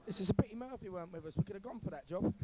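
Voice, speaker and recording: Rapid-fire man in a noisy crowd. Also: sits high. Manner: rapid-fire one-liners.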